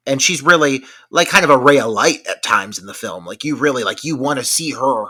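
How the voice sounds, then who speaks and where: A man's voice: medium pitch, animated, a little fast, sharp tone. A man co-hosting a film podcast, chatting enthusiastically and swearing freely, laughing along the way. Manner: enthusiastic and profane, laughs often. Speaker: podcast co-host. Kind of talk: casual film-review chat.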